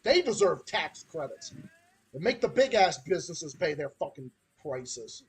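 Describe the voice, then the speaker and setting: A man's voice: fairly high pitch, sing-song, a little slow, slightly rough. A man from Massachusetts with a Massachusetts accent, hosting a podcast in a heated, profane ranting style. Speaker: podcast host.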